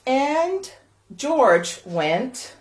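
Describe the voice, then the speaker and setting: A woman from the library reading a picture book aloud to children, switching between English and Spanish line by line in an animated way. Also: sits high, drawn-out words. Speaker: library storyteller. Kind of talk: bilingual children's read-aloud. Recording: echoey room.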